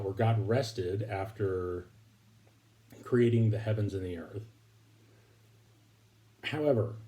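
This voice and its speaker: A man giving a recorded Bible lesson to his congregation, speaking haltingly with many fillers and restarts. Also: fairly low pitch, mellow. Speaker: preacher.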